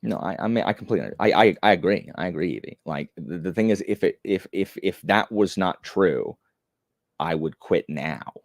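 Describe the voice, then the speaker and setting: A man's voice: low-pitched, lively intonation, a little fast, gravelly, no room sound, studio quality. A young man chatting casually on a live stream, rambling and self-deprecating with many fillers.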